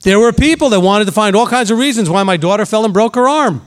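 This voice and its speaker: Speaking fast in a high, expressive voice, a middle-aged man gives a sermon as a pastor. He leans on repetition for emphasis and sometimes mimics people gossiping.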